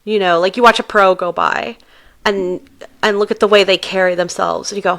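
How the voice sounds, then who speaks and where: A woman's voice: medium pitch, fairly even intonation, a little fast, vocal fry, a bit bright. A woman co-hosting a podcast in casual chat, who laughs easily. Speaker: podcast co-host.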